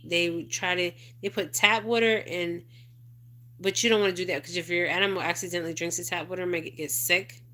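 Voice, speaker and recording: A woman's voice: fairly low pitch, fairly even intonation, brisk, sharp tone. A middle-aged woman hosting a casual livestream, reading viewer comments and rambling with lots of "okay?" and "you guys". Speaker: spiritual advisor livestream host.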